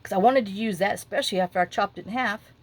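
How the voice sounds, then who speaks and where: A middle-aged woman, chatting casually as she crafts at her desk at home and rambling through a lively story with lots of asides. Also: medium pitch, fast talker. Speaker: crafting vlogger.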